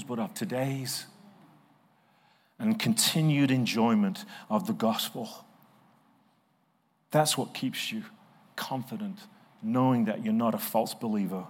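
A middle-aged male pastor preaching a sermon, swinging from soft, slow passages to loud, emphatic ones. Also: mid-range voice.

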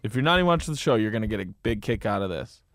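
A young man co-hosting a podcast in casual chat, animated, ranting and teasing his friend. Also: fairly low pitch, no room sound, clean studio sound. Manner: animated, quick to rant and tease. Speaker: podcast co-host.

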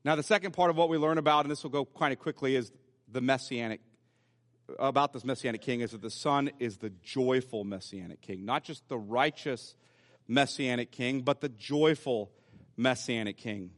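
A man's voice: medium pitch, moderate pace, long reverb tail. A man preaching a sermon as pastor, explaining scripture step by step in a teaching manner. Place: church sanctuary.

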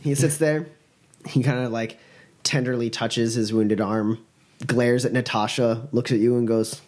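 A man's voice: medium pitch, steady tone, a little slow, a little mellow. A man narrating as game master in a casual, loose way, full of fillers.

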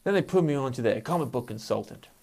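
A man's voice: mid-range voice, expressive, fast talker, darkish tone. A man talking casually on his own show, frank and full of swearing, venting his frustration. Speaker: podcast host. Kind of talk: casual solo monologue.

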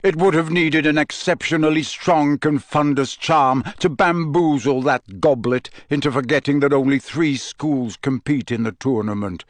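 A man reading aloud and voicing a gruff, paranoid old male wizard in a growling, menacing manner. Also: medium pitch, dry recording, close to an everyday voice.

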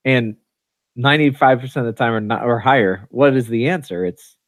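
Male podcast co-host, mid pitch, loose rambling delivery with fillers, dry close sound. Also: a little fast, no room sound. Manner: rambling, many fillers and restarts. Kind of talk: casual chat.

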